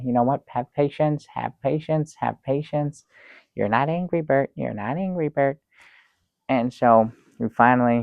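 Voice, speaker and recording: A man improvises as a fussy, excitable talk show guest telling a comic travel story, his mid-pitched, gravelly voice close to an everyday one. He rambles and stalls, then bursts into theatrical exclamations. The recording is slightly dull, lo-fi and dry, with no room echo.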